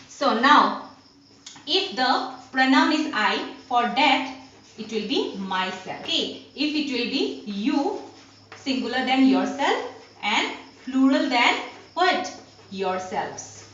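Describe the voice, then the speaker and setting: A woman's voice: high voice, a bit bright, distant mic, a little hiss or hum. A woman teacher with an Indian English accent, explaining a grammar lesson step by step and answering her own questions. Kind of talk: online class lesson. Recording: dull, roomy sound from off-mic.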